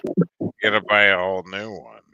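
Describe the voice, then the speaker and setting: A man's voice: lowish voice, flat delivery, normal speed, lo-fi sound, crowd noise. A man telling a long rambling story in casual chat on a live stream, full of fillers and restarts.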